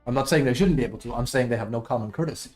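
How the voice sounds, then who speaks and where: A man's voice: mid-range voice, very fast, darkish tone, faint music behind. A man streaming a game, ranting bluntly and with plenty of swearing in a casual, exasperated way. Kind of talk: casual live-stream rant.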